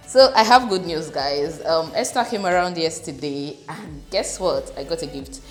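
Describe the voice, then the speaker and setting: A woman chatting casually to her viewers, bubbly and excitable, laughing often. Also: fairly low pitch. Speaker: fashion designer and vlogger. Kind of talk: casual vlog chat. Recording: echoey room with background music.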